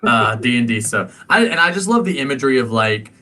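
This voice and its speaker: A man's voice: mid-range voice, big pitch swings, fairly quick, pushed and bright. A man narrating as game master, giggly and rambling, with many fillers.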